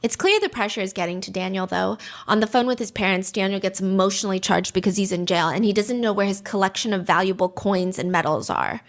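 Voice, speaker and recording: A woman hosting a true-crime podcast, telling the story with expressive, dramatic asides. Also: mid-range voice, fast talker, hardly any pauses.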